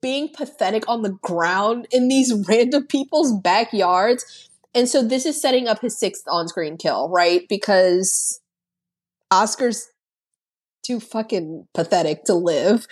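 A woman co-hosting a podcast, casually recapping a movie with plenty of swearing and laughter. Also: medium pitch. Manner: profane, laughing storyteller. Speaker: podcast co-host.

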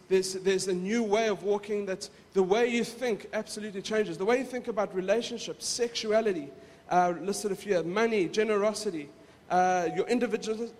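A male pastor preaching in a casual, conversational way, often repeating words as he goes. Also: sits high. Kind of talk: casual sermon. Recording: reverberant hall.

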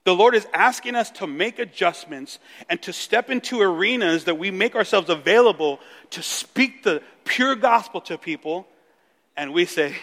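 A man preaching a sermon as pastor, animated, acting out the dialogue of the story. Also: high voice, moderate pace, long reverb tail. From Mexico.

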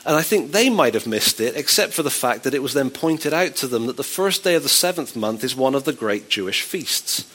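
Wry, conversational preacher, mid pitch. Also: male voice, expressive, brisk, hardly any pauses, a bit bright. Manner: conversational and wry, with playful asides. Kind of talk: sermon.

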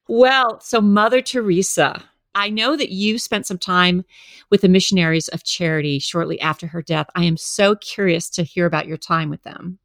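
A woman's voice: lowish voice, normal speed, no echo. A woman hosting an interview, asking curious, earnest questions. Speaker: interview host.

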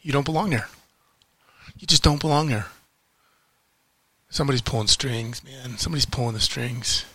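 A man ranting in a frustrated vlog, heated and swearing, repeating phrases for emphasis with weighty pauses. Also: medium pitch, pushed and bright, slightly rough, no echo. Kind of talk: frustrated political rant to camera.

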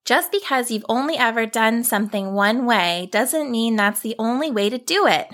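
A woman voicing a calm young girl. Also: on the high side, moderate pace.

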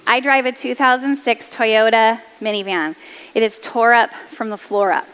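A woman's voice: a little high, moderate pace, a bit bright, long reverb tail, slight background noise. A woman around forty giving an upbeat motivational talk to mothers, chatty and self-deprecating, laughing easily. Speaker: speaker addressing mothers.

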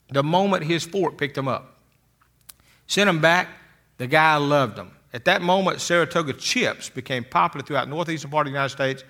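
An older man with a bright, ringing voice, pitched a little high, gives a motivational talk. He works through folksy stories and often repeats a word two or three times before his sentence gets going. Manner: folksy storytelling, repeats words when starting sentences. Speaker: motivational speaker.

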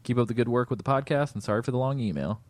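A man's voice: medium pitch, racing, darkish tone, no echo. A man co-hosting a podcast in a casual, laid-back chat, with plenty of fillers and easy laughter. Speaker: podcast co-host.

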